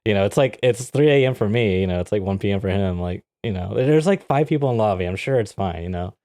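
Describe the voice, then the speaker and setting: A podcast co-host tells a story in casual chat, animated and laughing often as he acts out what people said. His voice is on the low side and fast, recorded dry with clean studio sound.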